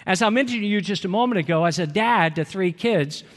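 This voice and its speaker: A middle-aged male pastor with a high, bright-pitched voice preaches in a church sanctuary. He keeps it conversational and leans on rhetorical questions to the congregation. His voice rings out with a long reverb tail from the hall. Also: fairly quick. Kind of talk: sermon.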